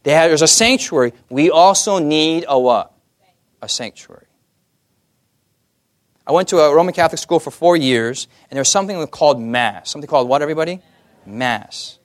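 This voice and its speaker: A young man preaching a sermon, often putting questions to the audience and asking for amens. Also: on the high side.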